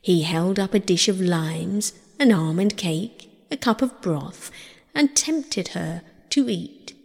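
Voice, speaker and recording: A woman reads a storybook myth aloud in a gentle, measured way, taking her time. Her voice carries a long reverb, as if she is reading in a hall. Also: on the low side, vocal fry. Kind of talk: scripted storybook narration.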